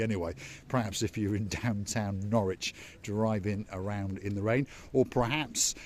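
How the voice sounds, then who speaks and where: A man with a fairly low voice chats his way through a harbour walk, teasing and joking with his viewers. He is recorded outdoors on a camera mic, with faint noise behind him. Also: a little mellow. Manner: chatty, playful, teasing asides to viewers. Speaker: vlog host. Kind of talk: walking tour vlog narration.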